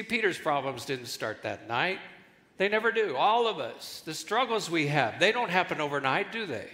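A male guest pastor preaching a sermon with animated delivery and jokes, in a large church hall. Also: high voice. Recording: echoey church hall with long reverb.

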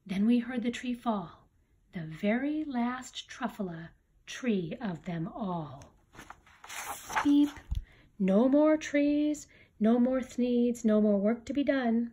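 Breathy woman reading a rhyming storybook. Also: a little high, darkish tone. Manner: rhythmic rhyming storybook delivery. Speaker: reader. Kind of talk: reading a picture book aloud.

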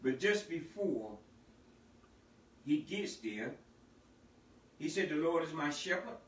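A man preaching as pastor of a church, moving from a quiet spoken prayer to loud, shouted sermon passages. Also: on the high side, big pitch swings, takes it slowly, echoey room, distant mic, a little hiss or hum, low-quality recording.

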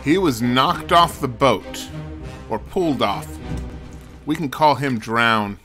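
A man's voice: medium pitch, expressive, takes it slowly, pushed and bright. A man streaming a mystery game, thinking aloud and muttering to himself as he works out clues. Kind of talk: let's play commentary. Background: game music.

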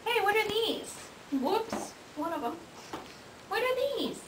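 Woman, speech therapist, sing-song coaxing voice, slow and clear for a child; echoey room, far camera, noisy home video. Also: very high voice, big pitch swings. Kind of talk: coaching a child to say words.

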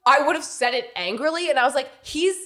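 A woman's voice: high-pitched, animated, quick pace, pushed and bright. Teasing young woman podcast co-host. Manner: teasing, laughing, swears freely. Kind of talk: casual bickering chat.

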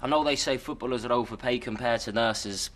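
An actor playing a greedy, dim male footballer in a comedy sketch, bragging deadpan through crude punchlines. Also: mid-range voice, a little fast, close to an everyday voice. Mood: smug. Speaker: footballer in a post-match interview sketch. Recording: studio audience laughter, noisy. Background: audience laughter.

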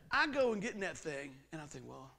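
Middle-aged pastor, high and gravelly, animated storytelling sermon, does the sound effects himself. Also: male voice, fast talker. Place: church sanctuary.

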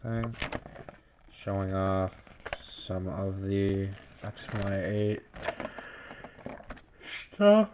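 Tired man, deep flat delivery, slow pace; casual unboxing vlogger. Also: background noise. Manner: low-key, unhurried commentary with filler words. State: tired and sleepy. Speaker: YouTuber opening a card pack.

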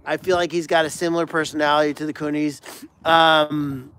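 A man's voice: on the high side, little pitch movement, a little fast, fairly bright tone, smooth. A man hosting a casual live stream from a barn, chatting to viewers and cooing baby talk to the animals. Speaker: animal sanctuary livestream host.

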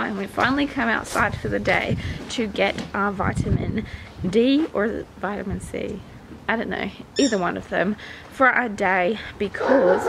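A woman's voice: medium pitch, creaky. A young Australian woman in her twenties, a stay-at-home mum, chatting casually to her viewers in a vlog. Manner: chatty, keeps addressing viewers as "you guys". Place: at home, indoors and in the backyard. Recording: roomy, distant camera audio with noise.

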